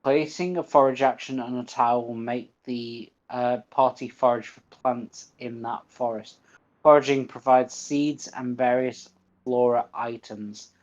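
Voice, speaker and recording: A man's voice: mid-range voice, steady tone, a little slow, darkish tone, highs cut off. A man giving casual commentary on a game stream, chatty and laughing at himself while reading game text aloud. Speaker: gaming streamer.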